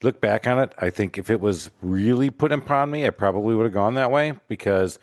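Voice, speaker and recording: A man co-hosting a podcast, speaking in a relaxed, rambling way with playful interjections. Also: lowish voice, fairly quick, dry recording, clean studio sound. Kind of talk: casual podcast chat.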